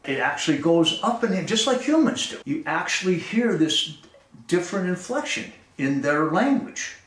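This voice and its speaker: With a high, sing-song voice of fairly bright tone, a man presents an earnest, analytical explanation at a moderate pace. He tends to restart phrases and asks "right?" to check in. There's a roomy echo on the recording.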